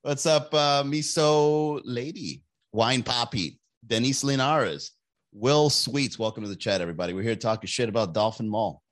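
A young man hosting a casual podcast livestream, rambling and joking, and slipping into quick put-on voices. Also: on the low side, fairly bright tone. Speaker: podcast host.

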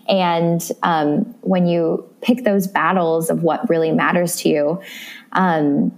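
A young woman guest in a casual interview, chatty and bubbly, acting out quoted lines with big jumps in pitch. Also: fairly even intonation, a little slow, a little mellow.

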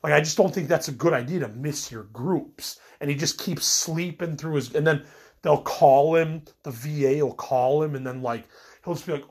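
Husky, fed-up man venting. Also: a little high, normal speed, darkish tone. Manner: rambling, frustrated, venting with many fillers. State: sick with a cold. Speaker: podcast host. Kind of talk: casual personal monologue.

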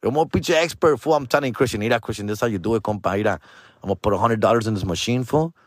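A man tells a story on his podcast in loose, slangy talk that drifts into Spanish. His voice sits at a middle pitch and sounds dry and close. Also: very fast, no echo. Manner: slangy, mixing Spanish into English, animated retelling with jumps to high voice. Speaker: podcast host. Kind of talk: casual storytelling.

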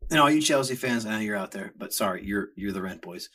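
Brief: middle-aged man, podcast host, crude joking rants, husky and lowish voice. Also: animated, fast, sharp tone. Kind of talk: casual comedic rant.

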